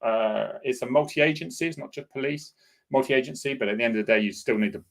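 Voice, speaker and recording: A man's voice: medium pitch, fast talker, creaky. A middle-aged man, a former police officer, hosting a casual solo chat in a rambling, opinionated way. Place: home in Cornwall.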